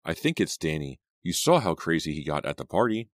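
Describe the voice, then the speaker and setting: A man voicing a frightened, quick-tempered teenage girl in an audiobook, his voice raised and emphatic. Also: big pitch swings, no echo, studio quality. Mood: anxious. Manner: raised pitch, emphatic outbursts.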